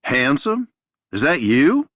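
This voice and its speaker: A man voicing a weary, drunk man with a Southern drawl who hides out in a dark park. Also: low voice, very animated, no echo, clean studio sound, exaggerated voice. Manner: slow drawling.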